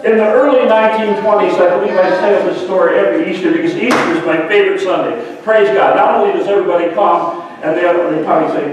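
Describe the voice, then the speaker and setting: A man preaching an Easter sermon, telling a story and rising to shouted refrains. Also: high-pitched, fast talker. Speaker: pastor. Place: large church hall. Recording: echoey church hall from a distance.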